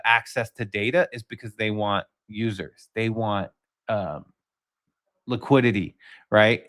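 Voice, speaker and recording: Man, livestream host, casual commentary, rambling, filler-heavy, mid-pitched voice. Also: fairly bright tone.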